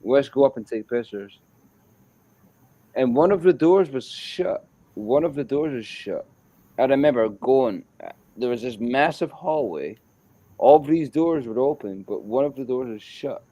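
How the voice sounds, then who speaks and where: A man with a Scottish accent telling a story in a casual chat, animated and repetitive and swearing freely. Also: medium pitch, unhurried, rough recording.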